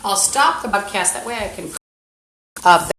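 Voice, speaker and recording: A woman's voice: mid-range voice, lively intonation, normal speed, creaky, a bit bright, roomy sound, slight background noise, poor audio. A woman on a phone live stream, talking in an agitated, rambling monologue full of profanity. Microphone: phone streaming app.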